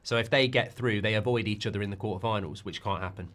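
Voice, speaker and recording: A middle-aged man hosting a live football watchalong, talking in a rambling, excitable way and often repeating and restarting his words. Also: on the low side, fast talker. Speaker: host.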